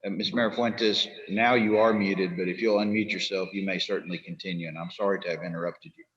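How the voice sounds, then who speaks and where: A man's voice: low voice, steady tone, fast, fairly bright tone. A man chairing a public meeting in a polite, formal manner, calling on speakers. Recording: dull lo-fi call audio.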